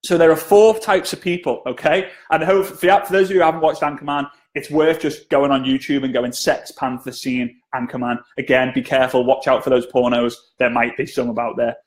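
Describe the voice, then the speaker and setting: A man's voice: mid-range voice, flat delivery, a little fast, hardly any pauses. A man giving a live-streamed sales training talk, chatty and jokey, often asking viewers to comment.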